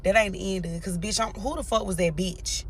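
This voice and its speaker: A woman's voice: medium pitch, steady tone, a little fast, slight background noise. A young woman with a drawl tells her story casually and bluntly to viewers. She curses freely and keeps pulling the listener in with direct address. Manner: blunt, profane, talks straight to viewers.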